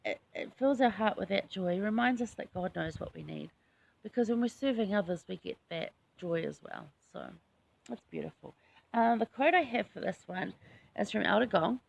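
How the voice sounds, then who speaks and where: Gravelly New woman, chatty scripture talk. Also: medium pitch, animated, normal speed. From New Zealand. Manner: chatty and enthusiastic, personal asides. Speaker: host. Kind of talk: casual scripture study chat.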